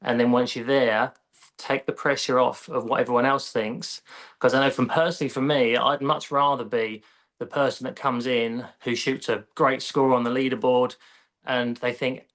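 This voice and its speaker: English golf coach, relaxed explainer. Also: male voice, medium pitch, normal speed. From England. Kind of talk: casual podcast interview.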